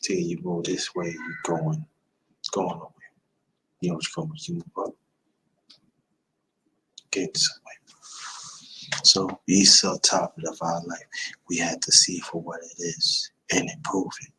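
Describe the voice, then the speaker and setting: Forceful low-voiced man in his fifties. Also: measured pace, gravelly, pauses often, a little hiss or hum, poor audio. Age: 50s. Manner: emphatic and repetitive, preaching-like. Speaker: livestream host. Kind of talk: motivational livestream talk.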